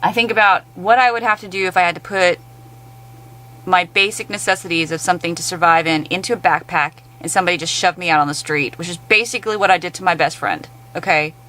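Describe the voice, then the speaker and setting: A woman's voice: on the low side, steady tone, fast, bright, forceful tone, rough recording. A woman in an angry, blunt, profane rant to camera. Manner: blunt, heavily profane, exasperated.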